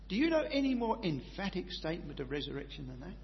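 A high-pitched man delivering a sermon, one moment soft and reflective, the next loud and emphatic. The recording is dull and lo-fi with a faint hum, and the voice carries a long hall reverb. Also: very animated, quick pace, few pauses. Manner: impassioned, swings between quiet reflection and loud emphatic declaration. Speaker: preacher.

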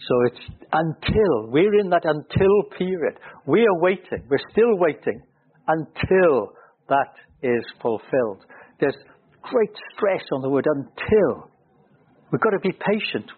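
A male preacher works through scripture verse by verse, leaning hard on the words he wants heard. His voice is slightly husky. It comes over a thin, phone-like radio broadcast. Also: fairly high pitch, very animated, measured pace. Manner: earnest, rising emphasis on key words. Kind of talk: expository Bible teaching.

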